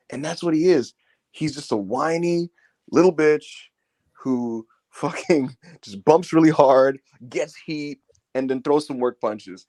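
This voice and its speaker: A man's voice: mid-range voice, normal speed. A man co-hosting a wrestling review podcast, talking in loose, profane, joking banter. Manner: animated, laughing, profane banter. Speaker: podcast co-host. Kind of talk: casual wrestling review chat.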